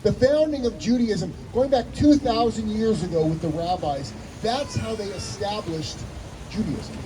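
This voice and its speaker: A man, a rabbi, giving an animated speech at an outdoor rally and acting out the voices in a story he tells. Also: high voice, measured pace, recorded from a distance. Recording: outdoor rally with loud ambient noise.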